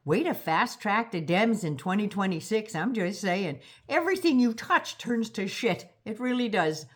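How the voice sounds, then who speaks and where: A woman's voice: mid-range voice, animated, normal speed, slightly rough. Older woman, Canadian accent, profane sarcastic rant, mocking, blunt vlog. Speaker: vlogger. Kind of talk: ranting political vlog.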